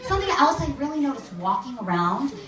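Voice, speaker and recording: Young woman doing stand-up, kinda high voice, says like a lot, echoey club, sounds far from the mic, crowd laughing. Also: very animated, fast. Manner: chatty, lots of "like", acts out other people's voices. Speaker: stand-up comedian. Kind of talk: stand-up comedy set. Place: comedy club stage with a live audience.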